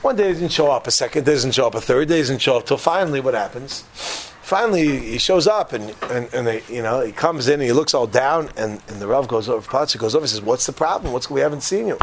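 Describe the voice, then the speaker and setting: A man telling a story casually to a group, animated, with frequent restarts and quick asides. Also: mid-range voice, slight background noise.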